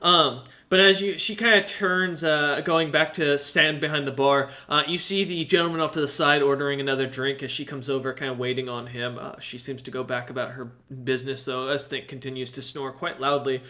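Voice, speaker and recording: A man's voice: mid-range voice, steady tone, fairly quick, hardly any pauses, pushed and bright. A man narrating as game master of a tabletop game, rambling with many fillers and self-corrections.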